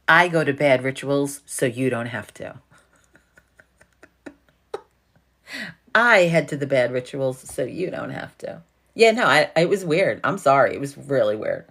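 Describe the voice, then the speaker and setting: Low-voiced, profane New York woman. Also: expressive, takes it slowly, pauses often, a bit bright. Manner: profane, laughing storyteller. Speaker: livestream host. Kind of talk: casual livestream chat.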